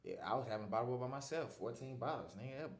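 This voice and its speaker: A man, a podcast guest telling stories in a relaxed, slangy way. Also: mid-range voice, rapid-fire, echoey room, over a noisy crowd. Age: 20s. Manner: laid-back, slangy storytelling. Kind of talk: casual podcast chat.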